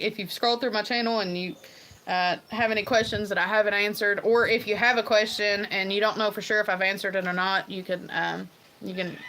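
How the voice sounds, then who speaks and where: A woman's voice: mid-range voice, sharp tone, poor audio. A woman talking casually on her own livestream, rambling and earnest with many ums and restarts. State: tearful at times. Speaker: livestream host. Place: farm home.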